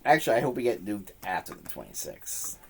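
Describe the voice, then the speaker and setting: A man's voice: on the low side, huge pitch swings, a little fast, vocal fry, noisy background. Blunt, offhand male podcast co-host. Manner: blunt, offhand, swears casually. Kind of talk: casual chat.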